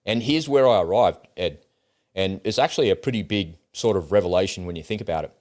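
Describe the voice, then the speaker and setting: A man's voice: low voice, brisk, a little mellow. An Australian man co-hosting a podcast, giving blunt, heated opinions in casual chat and swearing freely. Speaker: podcast co-host.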